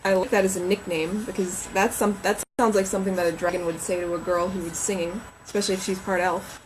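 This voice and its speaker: A woman's voice: medium pitch, fairly even intonation, fast talker, noisy background. Chatty woman thinking aloud on a livestream. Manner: chatty and rambling, reads names aloud while musing. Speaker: romance novelist livestreaming. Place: at home.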